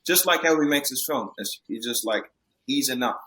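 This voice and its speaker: A man's voice: medium pitch, normal speed, fairly bright tone, low-quality recording. A man talking as an actor in an interview, candid and self-deprecating as he tells a story. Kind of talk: casual interview talk.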